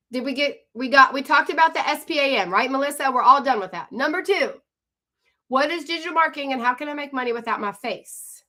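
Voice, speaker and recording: A woman hosting a live stream as an online coach, talking fast and chatty and greeting viewers by name. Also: sits high, pushed and bright. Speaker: livestream host and online coach. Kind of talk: live stream chat and sales pitch.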